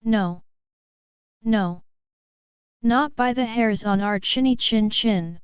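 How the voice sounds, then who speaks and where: Three small pigs shouting a stubborn refusal, as a woman puts them on for a storybook. The voice is slightly high and very clear, heard dry and a little dull. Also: slow, no room sound. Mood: defiant. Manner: firm refusal. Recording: dull lo-fi recording.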